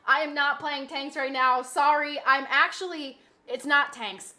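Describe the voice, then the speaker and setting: A woman live streamer chatting casually, exasperated and rambling, often bursting into loud yelling. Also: sits high, measured pace, hardly any pauses.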